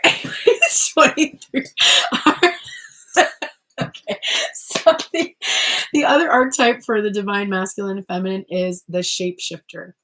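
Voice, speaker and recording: A young woman talks through a spiritual card reading at home in a loose, rambling way. She circles back on herself with fillers and restarts, and her voice sits at a middle pitch as she speaks into a phone or webcam. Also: rough recording. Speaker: tarot reader.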